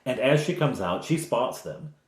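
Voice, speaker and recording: A man narrating a tabletop game as game master, relaxed and rambling, with fillers. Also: mid-range voice, moderate pace, reverberant.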